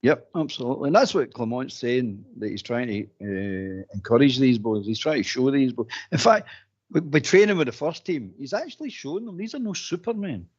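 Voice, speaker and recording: A Scottish man co-hosting a casual football phone-in, talking in an animated way with repeated words. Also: medium pitch, a little fast, breathy edge. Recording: dull lo-fi phone-in audio.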